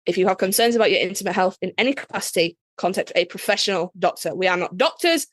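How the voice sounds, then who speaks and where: A woman's voice: medium pitch, lively intonation, fast talker, no echo. A woman hosting a podcast in casual chat, blunt and joking, swearing freely. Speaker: podcast host.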